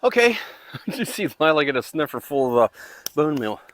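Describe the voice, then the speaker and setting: A man's voice: a little high, sing-song, normal speed, a bit bright, a little hiss or hum. A man hosting a home gardening channel, chatting in a rambling, casual way as he works outdoors in his backyard garden. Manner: rambling, chatty, talks while digging. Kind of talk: casual chat.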